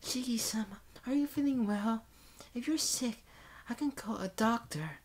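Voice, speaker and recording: A man voicing a soft-spoken, polite young maid woman who speaks quietly and formally. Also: very high-pitched, normal speed, voice pushed up. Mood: concerned.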